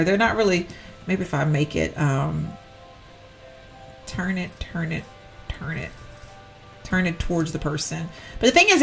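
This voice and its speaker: A woman chats through a game decorating session, her voice bouncing up and down in pitch as she rambles and corrects herself. Faint music plays under her commentary. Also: a bit bright. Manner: chatty, rambling, self-correcting, giggly. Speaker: Sims gameplay YouTuber. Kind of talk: casual gameplay commentary.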